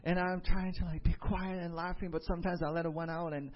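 Animated young man preaching, muffled sound. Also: on the high side, fairly quick, slight background noise. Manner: animated storyteller acting out dialogue. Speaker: pastor. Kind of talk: sermon with personal story.

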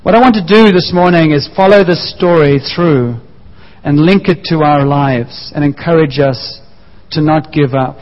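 A man preaching a sermon to a congregation, repeating key phrases and slowing down to press his points home. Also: a little high. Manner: emphatic, repeats key phrases, slows for emphasis. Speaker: pastor. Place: church hall. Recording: muffled sound with long church reverb.

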